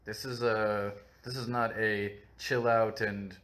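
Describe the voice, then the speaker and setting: Rambling man with a bright low voice. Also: level tone, slow. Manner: rambling, filler-heavy, self-mocking. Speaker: live-stream book show host. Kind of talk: casual live-stream chat.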